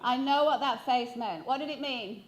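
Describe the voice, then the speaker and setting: A woman's voice: high-pitched, normal speed. A woman in her fifties with a Yorkshire accent, giving a motivational storytelling talk on stage, humorous and playful, asking the audience questions. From England. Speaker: keynote speaker.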